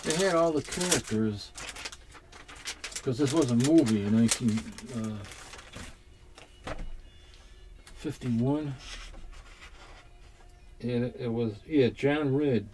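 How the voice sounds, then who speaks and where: A man's voice: medium pitch, background noise. Rambling man unboxing comics at home. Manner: rambling, halting, swears and digresses. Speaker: comics collector vlogger. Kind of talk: casual unboxing chat.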